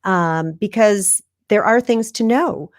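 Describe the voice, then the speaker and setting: A woman's voice: mid-range voice, slow, dry recording, clean studio sound. A woman guest coaching about video, talking in a casual, encouraging way on a video call. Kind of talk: casual live interview chat. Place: room at home.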